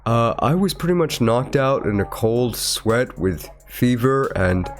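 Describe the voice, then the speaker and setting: Man, sick with a cold, slightly nasal, chatty, mid-pitched, faint music behind. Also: animated, a little slow. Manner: chatty and rambling, with chuckles. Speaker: VTuber host. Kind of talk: casual chat, rating foods on a tier list. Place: his room.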